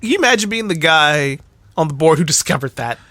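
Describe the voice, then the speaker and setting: A man co-hosting a casual podcast, chiming in with quick interjections and short reactions. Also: a little high, expressive, sharp tone, no room sound. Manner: brief backchannels and quick interjections. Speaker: podcast co-host.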